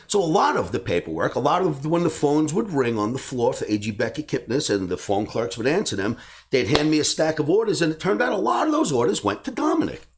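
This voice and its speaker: A middle-aged man from the New York area telling a personal story, animated and acting out the dialogue. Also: on the high side, brisk. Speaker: trading educator and host.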